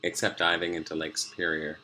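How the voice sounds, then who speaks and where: Low-voiced man, rambling diary talk at home, crisp bright tone. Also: monotone, brisk, faint music behind. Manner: meandering, sidetracked, many fillers, laughs often. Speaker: vlogger. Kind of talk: rambling personal video diary. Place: room at home at night.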